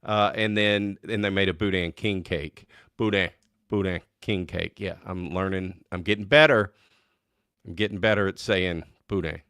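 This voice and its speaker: A man from North Louisiana with a North Louisiana accent, hosting a casual chat show in an excitable, chatty way with frequent laughs. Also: deep voice, normal speed, clean tone, no echo, clean studio sound. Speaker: host.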